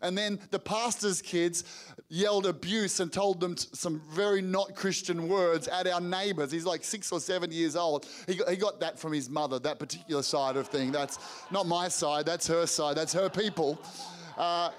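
A middle-aged man preaches to a congregation in a high, bright voice. He tells family stories energetically, stumbles and restarts, and acts out what people said. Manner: energetic storytelling with rapid restarts and acted-out quotes. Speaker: pastor. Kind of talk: sermon storytelling. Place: church hall before a congregation.

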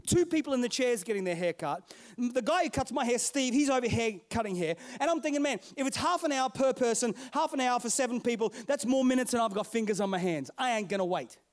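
A middle-aged male pastor telling a story in a sermon, playful and animated, calling out to his congregation. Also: extremely high pitch, fast talker.

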